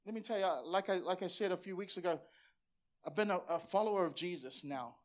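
A Samoan pastor in his forties preaches a sermon earnestly and passionately, often repeating words to press his point. His voice sits high, a bit bright, and fairly quick.

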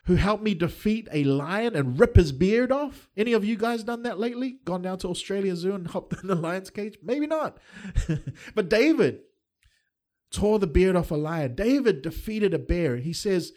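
A man's voice: high voice, animated, moderate pace, a little mellow. A middle-aged man preaching a livestreamed sermon, earnest and fervent, with touches of light humor. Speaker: pastor.

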